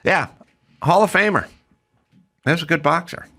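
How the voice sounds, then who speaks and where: A man's voice: fairly high pitch, moderate pace, bright, forceful tone. A man hosting a podcast in casual chat, riffing sarcastically and slipping into mock accents. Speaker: podcast host.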